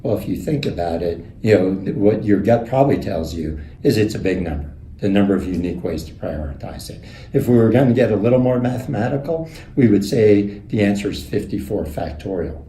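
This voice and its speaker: A man teaching a leadership course, telling stories in a conversational, animated way and acting out the quotes. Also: deep voice, slight background noise. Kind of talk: recorded lecture with storytelling. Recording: echoey room.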